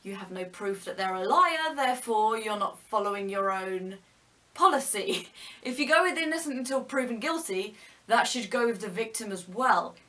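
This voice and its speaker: A woman's voice: medium pitch, animated, moderate pace, bright, forceful tone. A young woman vlogging her opinions, earnest and argumentative, explaining her points step by step. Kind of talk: opinion vlog monologue.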